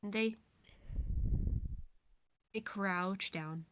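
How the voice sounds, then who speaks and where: A woman playing in a tabletop game, describing her character in a playful, unhurried way. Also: mid-range voice, a bit bright, clear, resonant tone, dry recording. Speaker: player.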